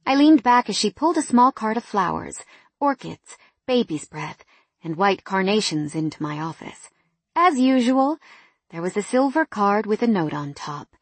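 A woman narrates a first-person romance audiobook with an expressive delivery that turns sharp-tongued in the arguments. Her voice is soft and husky, with a touch of breath. It is recorded close and completely dry. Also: mid-range voice, moderate pace, no room sound.

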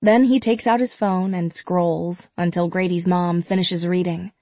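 Measured woman narrating an audiobook. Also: lowish voice, steady tone, darkish tone, dry recording.

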